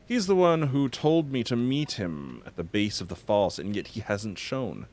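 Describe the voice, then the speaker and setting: A man voicing a hearty male frontier villager from a video game, reading the lines aloud in a loud, theatrical way. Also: lowish voice, expressive, normal speed, soft background music, natural voice.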